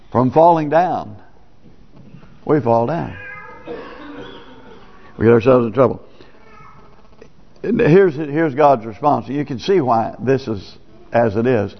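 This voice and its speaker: A man, a pastor, preaching a sermon in a plain, folksy, conversational way. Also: medium pitch. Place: church sanctuary. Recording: dull lo-fi church recording with long reverb.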